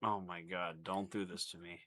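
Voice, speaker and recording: A man's voice: low voice, little pitch movement, normal speed, sharp tone. A young man hosting a casual livestream chat, joking and laughing easily. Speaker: streamer host.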